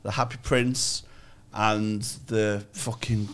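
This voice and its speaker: A man's voice: fairly low pitch, little pitch movement, slow, fairly bright tone. A man chatting on a casual podcast, rambling and swearing heavily. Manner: rambling and crude, heavy swearing. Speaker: podcast guest.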